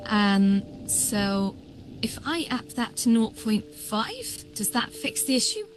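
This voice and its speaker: A woman livestreamer giving excitable building commentary, thinking aloud with lots of fillers. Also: fairly high pitch, slow, faint music behind, poor audio. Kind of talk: live-streamed world-building commentary.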